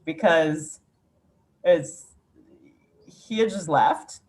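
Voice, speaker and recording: A woman's voice: low voice, extremely slow, a little mellow. A woman poet from Ukraine, telling a candid, reflective story in a casual interview, with frequent "like" fillers.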